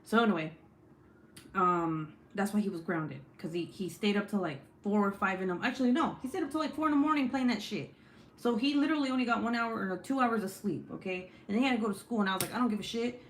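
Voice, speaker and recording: Profane storytelling mom in echoey room. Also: female voice, medium pitch, fast. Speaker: vlogger, mom. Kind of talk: casual chat while crafting.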